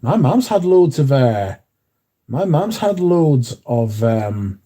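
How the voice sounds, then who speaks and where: A man's voice: medium pitch, sing-song, slow pace, pauses often, warm tone, slightly rough. A man hosting a casual livestream, chatting and reading out viewer comments, swearing freely. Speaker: livestream host reading chat. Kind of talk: casual chat.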